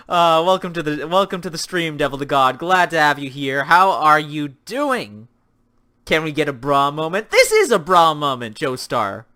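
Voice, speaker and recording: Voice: medium pitch, sing-song, normal speed, sharp tone. A young adult livestream host chatting casually with viewers, reading chat aloud and ranting sarcastically about games.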